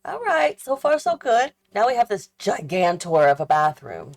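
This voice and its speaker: A woman's voice: medium pitch, very animated, moderate pace, few pauses. A tired, yawning woman chatting casually as she builds a house in a game, thinking aloud and questioning her own choices as she goes. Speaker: host of a gaming channel.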